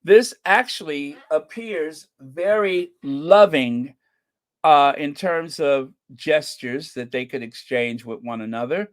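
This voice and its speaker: An American channel host delivers casual commentary in a sarcastic, mocking tone. The talk rambles at an unhurried pace, with a pitch that sits in the middle range. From United States.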